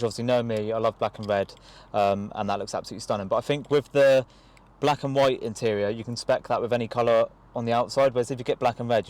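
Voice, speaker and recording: A young man with an excitable, rushing manner and casual slang, filming a car review vlog from inside a car. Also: fairly low pitch. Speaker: car vlogger. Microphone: camera held by someone else.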